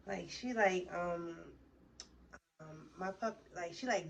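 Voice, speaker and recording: A woman's voice: fairly low pitch, fairly even intonation, a little slow, creaky, distant mic, background noise. A woman with a New Jersey accent telling a storytime in a casual, profane, heated rant. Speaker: vlogger.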